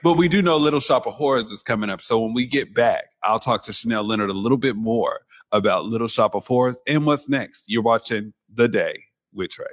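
A man's voice: on the low side, brisk, few pauses. A man hosting a talk show, chatting playfully, stumbling over words and laughing. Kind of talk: casual interview chat.

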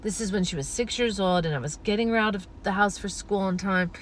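A woman hosting a spiritual podcast, talking in a gentle, flowing, earnest way with many soft asides. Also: mid-range voice, brisk, slight background noise. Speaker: podcast host.

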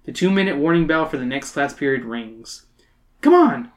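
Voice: medium pitch, animated. A podcast host reading a storybook aloud and trading jokes with friends between passages. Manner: joking, quick asides. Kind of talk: casual read-aloud with banter.

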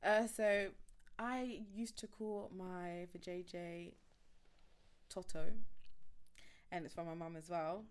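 A woman's voice: fairly low pitch, slow pace, pauses often, clear, resonant tone. A woman co-hosting a podcast, telling stories in casual chat and laughing often. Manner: laughing, animated storytelling. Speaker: podcast co-host.

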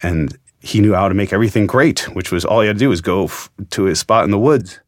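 A man's voice: on the low side, quick pace, no echo, studio quality. A man, a journalist, earnestly retelling an emotional story in a reflective interview.

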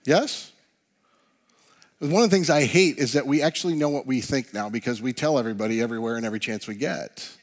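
A man preaching a sermon as pastor, earnest, often dropping to a soft hush on key words. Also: medium pitch, fast.

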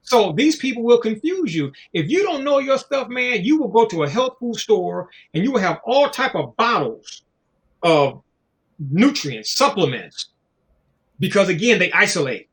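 A man's voice: high voice, big pitch swings, moderate pace, fairly bright tone. A man in casual conversation, talking in a loose, profane, preachy way and acting out little voices as he goes. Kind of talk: casual chat.

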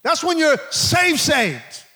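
Middle-aged man preaching, high voice, lots of repeating and calling out. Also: wildly swooping pitch, takes it slowly. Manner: preachy call-and-response, repeating words, shouting at peaks. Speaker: pastor. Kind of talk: sermon.

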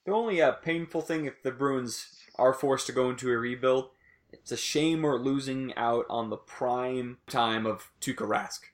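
A man's voice: mid-range voice, normal speed. A young man hosting a casual sports podcast, rambling loosely and swearing now and then. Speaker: podcast host.

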